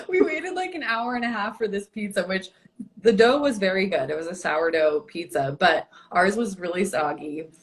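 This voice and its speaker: A woman's voice: medium pitch, expressive, moderate pace. A woman with an Australian accent co-hosting a podcast, telling easygoing stories and laughing often. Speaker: podcast co-host. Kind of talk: casual chat.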